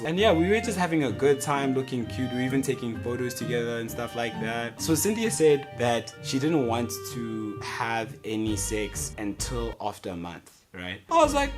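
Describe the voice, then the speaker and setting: A young man with a South African accent telling a personal story in a candid, animated way, swinging from loud bursts to quiet asides. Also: mid-range voice, fairly quick, hardly any pauses, over music. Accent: South African English. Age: young adult. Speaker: vlogger. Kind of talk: casual storytelling.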